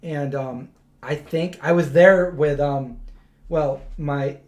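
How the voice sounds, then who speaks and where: A man's voice: fairly high pitch, takes it slowly, darkish tone. A man hosting a casual live-stream chat, telling rambling stories with many restarts and acted-out quotes. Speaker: host.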